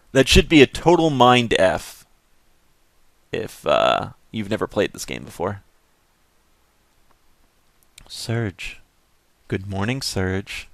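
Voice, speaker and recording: A man's voice: lowish voice, wildly swooping pitch, extremely slow, gravelly, pauses often, dry recording. A man hosting a let's play, casually explaining game mechanics in a rambling way with fillers. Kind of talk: casual gameplay commentary. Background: loud game music.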